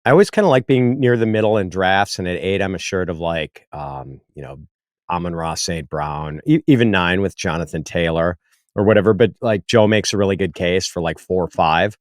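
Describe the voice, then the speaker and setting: Very deep-voiced man, easygoing and measured. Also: no echo, studio quality. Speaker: podcast co-host. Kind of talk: casual sports analysis chat.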